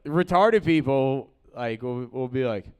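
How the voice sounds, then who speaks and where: A young man doing a rambling, halting open-mic stand-up set, full of fillers and restarts, laughing at his own jokes. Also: mid-range voice, clear, resonant tone. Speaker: stand-up comedian.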